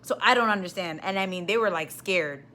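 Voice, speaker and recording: A woman's voice: on the low side, fairly quick. A young woman with a New York accent, an ER nurse, telling a story in a casual vlog and getting more and more exasperated as she goes. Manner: animated, exasperated storytelling with rising outbursts. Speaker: ER nurse vlogger.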